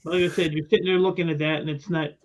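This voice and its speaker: A man's voice: a little high, little pitch movement, fast. A man on a call, chatting bluntly and teasing the others. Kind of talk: casual chat.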